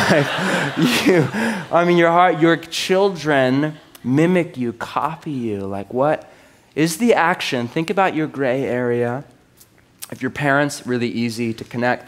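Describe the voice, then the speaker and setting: A man in his thirties preaches a sermon in a chatty, joking way. He keeps asking his listeners questions, and his voice sits a bit on the high side. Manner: conversational, joking, asks the crowd often. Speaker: pastor.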